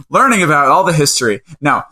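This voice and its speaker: Chatty male co-host, fairly high voice, bright and lively. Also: fairly quick, breathy edge. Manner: chatty, laughs often. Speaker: podcast co-host. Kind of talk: casual chat.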